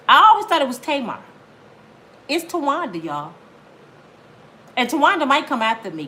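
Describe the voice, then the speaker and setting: A woman's voice: a little high, pushed and bright, a little hiss or hum. A woman in her fifties hosting a celebrity gossip channel, chatty and talking straight to her viewers.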